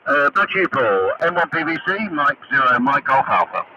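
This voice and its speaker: A man's voice: fairly high pitch, big pitch swings, moderate pace. A man on an amateur radio net, talking hesitantly with many fillers as he hands over. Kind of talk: casual radio net chat. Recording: noisy muffled AM shortwave reception.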